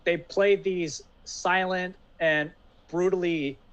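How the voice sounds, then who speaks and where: A man's voice: high-pitched, steady tone, slow, clean tone. A man co-hosting a casual podcast, chatting with enthusiasm and many fillers. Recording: dull lo-fi audio.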